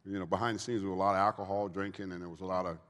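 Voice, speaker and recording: The guest speaker, a man in recovery, races through his earnest and preachy testimony at a church Q&A, repeating phrases often. His low, slightly bright voice barely moves in pitch, and the event hall adds a long reverb.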